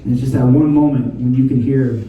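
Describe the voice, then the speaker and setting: A young stand-up comic performs a crude, conversational, slang-heavy set at a live comedy show. His voice is medium-pitched, fairly even, and brisk. An echoey, distant room mic gives narrow, tinny audio with a little hiss or hum.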